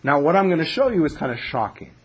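An animated male teacher giving a Torah class over a video call. His voice is husky and sits somewhat high, and he often poses questions as he tells stories. His pitch swings widely. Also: fast, low-quality recording. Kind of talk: Torah class lecture with storytelling.

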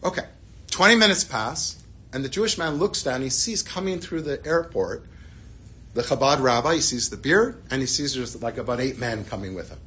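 Rabbi giving a sermon through a story; bright, sharp voice, animated, sinks to a hush. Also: male voice, medium pitch, moderate pace, a little hiss or hum. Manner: animated storytelling, drops to hushed tones.

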